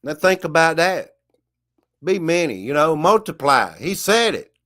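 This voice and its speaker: A man's voice: a little high, big pitch swings, a little slow, sharp tone. A man giving a casual monologue rant to the camera, emphatic and repetitive, with a preachy tone. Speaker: vlogger.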